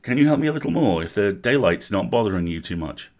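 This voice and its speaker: A man reading aloud as a kind, patient male elf animal healer, gentle and coaxing. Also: on the low side, animated, fast, natural voice. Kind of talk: storybook character reading.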